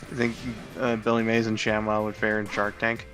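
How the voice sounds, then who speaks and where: A man's voice: lowish voice, monotone, normal speed, fairly bright tone, faint music behind. A man hosting a live game stream, chatting casually with lots of fillers and restarts. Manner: hesitant, many fillers and restarts. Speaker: streamer host. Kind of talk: casual chat while gaming.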